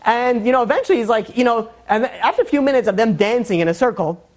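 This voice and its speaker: Male rabbi, storyteller, animated, acts out his characters, loose and chatty. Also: very high-pitched, fast talker. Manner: frequent fillers and restarts. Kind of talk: storytelling sermon.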